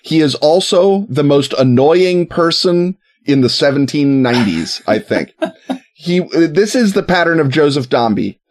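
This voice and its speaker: A man's voice: fairly high pitch, lively intonation, measured pace. Sarcastic man telling history. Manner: sarcastic, jokey storytelling with mock voices. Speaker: podcast co-host. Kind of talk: casual comedic history chat.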